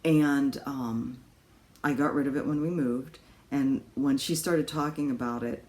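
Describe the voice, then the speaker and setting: A woman's voice: extremely low pitch, animated, moderate pace, gravelly. A woman chatting casually to camera from her apartment about her crafts, rambling with lots of ums and little laughs. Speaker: cross stitch vlogger. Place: home in an apartment.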